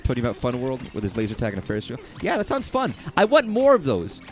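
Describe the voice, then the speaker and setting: A man's voice: medium pitch, wildly swooping pitch, fast talker, faint music behind. A man from Texas streaming, rambling casually, joking and swearing as he talks.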